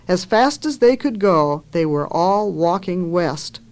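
A woman author reads a story aloud in a lowish voice, measured yet expressive. She lifts her voice when delivering the characters' lines.

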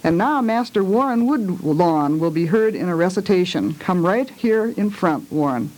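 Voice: medium pitch, animated, normal speed, a little mellow, close to an everyday voice, poor audio. Reader doing a grim schoolteacher. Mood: stern. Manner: grim, formal. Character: stern old-fashioned schoolteacher woman.

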